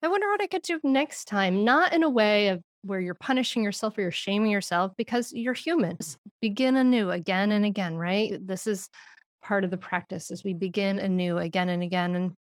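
A woman's voice: mid-range voice, brisk, no echo, clean studio sound. A woman as a podcast guest, explaining in an earnest way and laughing now and then. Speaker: guest, parenting expert. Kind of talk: podcast interview.

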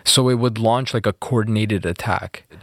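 A man's voice: lowish voice, moderate pace, dry recording, studio quality. A man interviewed about his past, retelling events casually with lots of fillers. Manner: relaxed, filler-heavy retelling with acted quotes. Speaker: interview guest. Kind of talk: casual storytelling.

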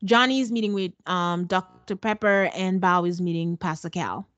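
A woman's voice: on the low side, normal speed, a bit bright, no echo, highs cut off. A woman co-hosting a casual recap chat, blunt and sarcastic as she retells what happened. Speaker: podcast co-host.

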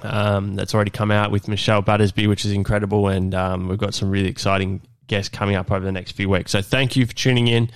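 A congested man with a nasal voice talks through his podcast, loose and unhurried, full of fillers and restarts. His low voice stays fairly flat, smooth and clear on a close, dry mic. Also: no room sound. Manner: relaxed, many fillers and restarts. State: unwell, congested. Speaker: fitness podcast host. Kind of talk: solo podcast talk.

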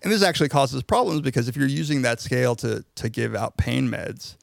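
A man's voice: medium pitch, a little fast, creaky, dry recording, clean studio sound. A man co-hosting a podcast, explaining social psychology research in casual academic chat, with frequent "like"s and restarts.

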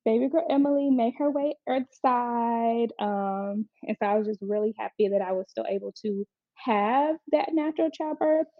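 A woman's voice: fairly high pitch, no echo. Chatty young woman, dull dry recording. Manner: chatty, frank, quotes people in lively voices. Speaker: mother telling her birth story. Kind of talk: casual personal storytelling.

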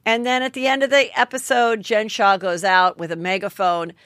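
A woman's voice: medium pitch, normal speed, no room sound, studio quality. A woman podcast host giving a chatty, gossipy recap of reality TV, acting out what people said. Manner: chatty, animated, acts out quotes.

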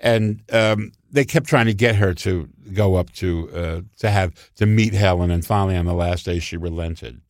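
A man's voice: low-pitched, moderate pace, few pauses, no echo, clean studio sound. An older man, a comedy writer, telling anecdotes animatedly and often laughing. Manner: animated, acts out voices and laughs a lot. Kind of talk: anecdotal storytelling.

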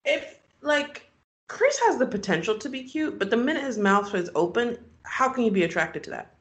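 A young woman co-hosting a podcast, chiming in casually with expressive reactions on a reality show. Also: fairly high pitch, normal speed. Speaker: podcast co-host. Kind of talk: casual reality-TV recap chat.

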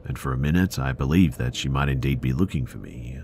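A man narrating listener stories for a horror podcast in a measured, earnest storytelling way. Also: very deep voice, a little mellow, slight background noise.

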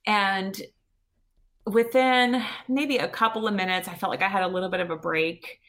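A woman guest on an interview show, telling her own story in a lively, chatty way with lots of "you know" and "like". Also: lowish voice, fast. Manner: lively retelling with many "you know" and "like" fillers. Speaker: podcast guest. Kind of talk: personal storytelling.

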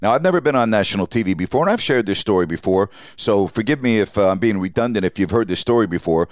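A sportscaster in his sixties from Long Island, hosting his podcast and telling a lively story about his early career, acting out the people in it. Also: on the low side, fast talker, no echo, clean studio sound. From Long Island, New York. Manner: animated storyteller who acts out quoted dialogue.

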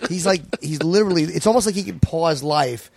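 A man's voice: on the high side, vocal fry, darkish tone, dry recording. A man, a comedian guest, talking casually on a podcast, telling stories bluntly and swearing freely. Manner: blunt, profane, quick storytelling.

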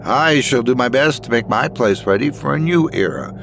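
A man voicing a sly, eccentric older gentleman with a Scottish accent, who talks in a theatrical, old-fashioned way. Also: medium pitch, lively intonation, normal speed, vocal fry, faint music behind. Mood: grand.

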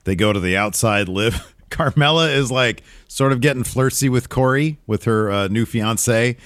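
A man's voice: medium pitch, normal speed, fairly bright tone, no echo, studio quality. A man co-hosting a casual wrestling podcast, rambling and joking with lots of fillers. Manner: rambling, jokey, many fillers. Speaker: podcast co-host. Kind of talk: casual wrestling recap chat.

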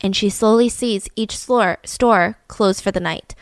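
A young adult woman hosts a podcast, recounting a true story casually and with animation while building suspense through frequent asides to her listener. Her medium-pitched voice moves a little slowly, recorded with clean studio sound and no echo.

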